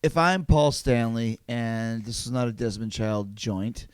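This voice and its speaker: A man speaking as a podcast guest, full of emphatic energy and quick to swear. His voice sits at an ordinary middle pitch. The sound is close and dry, with no room around it. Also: clear, resonant tone, no echo. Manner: animated, emphatic and profane. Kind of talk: casual podcast chat.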